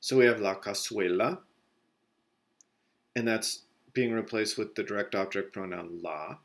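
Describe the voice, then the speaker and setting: Man, low voice, Spanish teacher, recorded lesson, patient step-by-step explaining. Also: fairly even intonation, unhurried. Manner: explains step by step, corrects himself mid-sentence.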